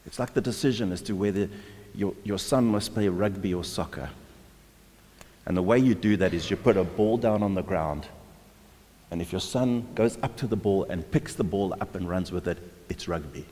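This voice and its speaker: Male pastor, low voice, emphatic sermon delivery, reverberant church hall. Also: moderate pace, dark tone. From South Africa. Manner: emphatic, exhorting, with repeated restarts.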